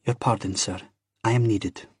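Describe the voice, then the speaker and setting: A man voicing a young woman, a tavern barmaid, with a polite, wary manner and a husky tone. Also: fairly low pitch, fairly even intonation, moderate pace, no echo, studio quality.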